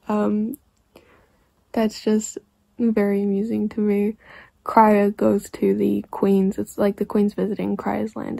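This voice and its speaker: A woman chatting casually in a reading vlog, rambling and excitable, swearing freely and sometimes dropping to a hushed near-whisper. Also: sits high, gravelly, no room sound. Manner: drops to a hushed near-whisper late at night. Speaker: book vlogger.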